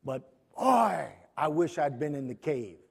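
Halting, slow-spoken male preacher. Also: fairly high pitch, big pitch swings. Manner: halting restarts, clears throat often, dramatic pauses. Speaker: pastor. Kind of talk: sermon.

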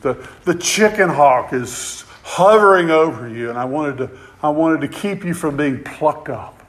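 A man preaching a sermon with passion. He climbs louder and higher to stress a point and often repeats words as he goes. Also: lively intonation, a little slow. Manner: impassioned, rising in pitch and volume for emphasis, repeats words.

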